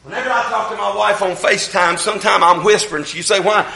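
Fiery Appalachian male preacher, high and bright voice, booming sermon in an echoey church heard from off-mic. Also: fast talker, creaky. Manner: fervent, loud, shouting with frequent amens. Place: large church hall. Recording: echoey hall, mic from a distance.

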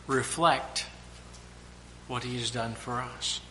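Bright-voiced male preacher. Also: medium pitch, steady tone, slow pace, a little hiss or hum. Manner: preaching with sudden loud acted-out shouts. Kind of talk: sermon.

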